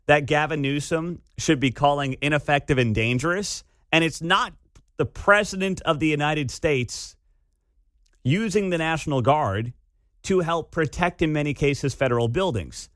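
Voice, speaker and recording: Sarcastic talk radio host, dry studio sound. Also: male voice, medium pitch, fairly bright tone, dry recording. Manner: incredulous, sarcastic, laughs at the absurdity. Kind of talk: opinionated talk radio monologue. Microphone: studio microphone.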